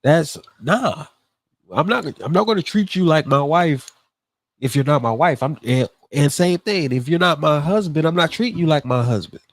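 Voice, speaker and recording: A man's voice: fairly high pitch, expressive, moderate pace, no echo. A man co-hosting a casual podcast chat, making his points emphatically and repeating himself.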